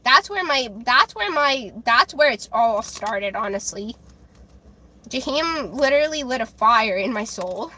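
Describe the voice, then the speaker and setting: Angry high-voiced woman ranting. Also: animated, bright, forceful tone, a little hiss or hum. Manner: angry, heated ranting with swearing; halting restarts and repeated words. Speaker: livestreamer. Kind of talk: livestream rant to chat.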